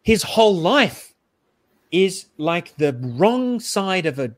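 A man's voice: sits high, sing-song, takes it slowly, dry recording, clean studio sound. A man chatting casually on a podcast, rambling with lots of restarts as he explains. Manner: rambling, many fillers and restarts. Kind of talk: casual chat.

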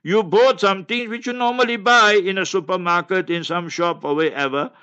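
A man's voice: high-pitched, brisk, sharp tone, smooth, lo-fi sound. Rambling South African man in his sixties. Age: 60s. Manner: rambling and anecdotal, keeps saying "you must remember". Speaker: mufti answering questions. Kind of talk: casual religious Q&A talk.

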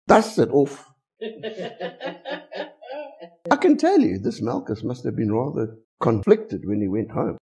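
A middle-aged man with a South African English accent, preaching a sermon with animated storytelling and many rhetorical questions. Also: medium pitch, moderate pace, gravelly, breathy edge. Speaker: pastor.

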